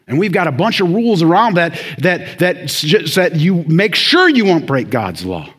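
Male pastor mid-sermon, husky, lively pitch, moves from loud to hushed. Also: normal speed, hardly any pauses. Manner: animated preaching, swinging from loud to hushed.

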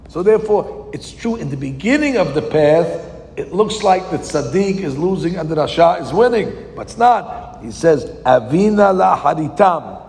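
A man giving a verse-by-verse Torah class, reading Hebrew lines slowly, then translating and explaining them with rhetorical questions. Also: on the high side, expressive, a little mellow. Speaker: Torah teacher. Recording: long hall reverb.

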